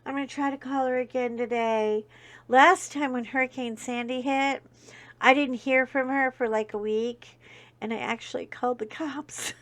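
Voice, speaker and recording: A woman's voice: fairly high pitch, steady tone, normal speed. A middle-aged woman, hosting a casual coloring vlog and chatting with her viewers, telling stories with bursts of laughter. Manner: chatty, warm-hearted storyteller with bursts of laughter.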